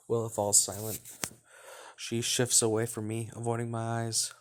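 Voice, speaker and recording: A man hosting a let's play, reading a visual novel's narration aloud in an even, relaxed way with light asides. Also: on the low side, normal speed.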